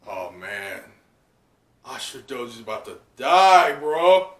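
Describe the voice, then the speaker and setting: A man hosting a casual live reaction, excitable and laughing often, with plenty of fillers and swearing. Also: medium pitch, a little slow. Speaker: channel host. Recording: echoey room, mic at a distance.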